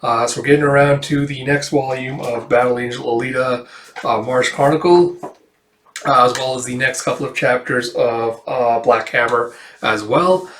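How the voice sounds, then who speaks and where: A man's voice: medium pitch, steady tone, normal speed, a bit bright, slight background noise. A man casually hosting a manga read-through, rambling with many fillers and the odd swear. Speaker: host. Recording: echoey room.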